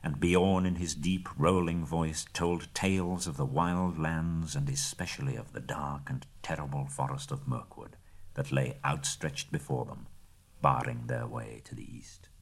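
A man reading a storybook aloud in measured narration, dropping to a hush at quiet moments. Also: a bass voice, steady tone, slightly rough.

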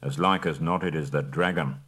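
A man voicing a grim, stern townsman archer in a storybook reading, speaking low and gloomy. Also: steady tone, moderate pace. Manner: grim, low, turns to urgent shouts.

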